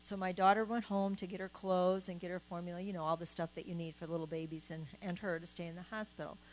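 A woman's voice: on the low side, flat delivery, quick pace, a little hiss or hum, rough recording. An older woman, giving a spoken testimony at church and earnestly telling her story. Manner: earnest storytelling, acts out the voices she quotes.

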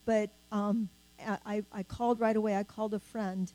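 A woman's voice: mid-range voice, level tone, moderate pace, mellow, low-quality recording. Earnest older woman testifying. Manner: earnest storytelling, acts out the voices she quotes. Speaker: church member giving testimony. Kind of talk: spoken testimony.

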